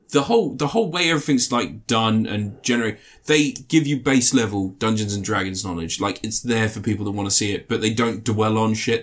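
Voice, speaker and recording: A man co-hosting a podcast, retelling film scenes in a rambling, animated way with playful put-on voices. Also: on the low side. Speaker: podcast co-host. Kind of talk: casual film review chat.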